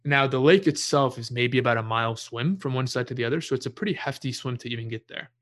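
Young man, bright tone, casual storyteller, relaxed and profane, laughs at himself. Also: mid-range voice, fast. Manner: relaxed, swears freely, laughs at his own story. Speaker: guest telling a story.

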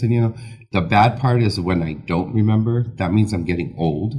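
Deep-voiced man in easygoing chat. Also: moderate pace, husky. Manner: relaxed, leans on "you know" fillers. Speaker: guest, longtime hairstylist. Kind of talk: casual chat.

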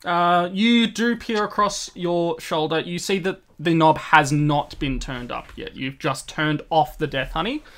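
A man narrating as game master of a tabletop game, relaxed and often laughing. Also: fairly high pitch, unhurried, hardly any pauses.

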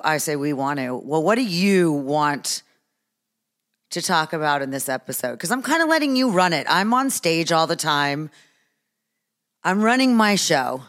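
A woman in her fifties hosting a casual podcast with her daughter, playful and laughing often. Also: low-pitched. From United States. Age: 50s. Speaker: podcast host, comedian. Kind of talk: casual chat.

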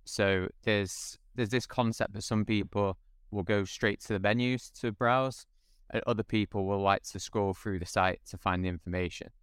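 A man's voice: lowish voice, fairly even intonation, normal speed, a bit bright, clear, resonant tone, no room sound, clean studio sound. A man speaking as a podcast guest, explaining steadily in casual conversation.

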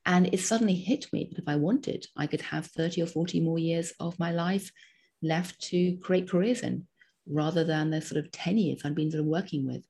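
A woman's voice: lowish voice, normal speed, gravelly, dark tone, slightly rough. A woman in her fifties, a guest in a conversational interview, speaking with lots of ums and short listed phrases. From Britain. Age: 50s.

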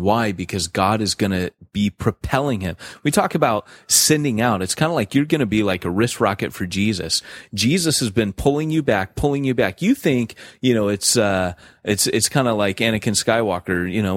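A man co-hosting a podcast, talking in an animated, joking way with many restarts and fillers. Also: fairly low pitch, dry recording. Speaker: podcast co-host. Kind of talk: casual podcast chat.

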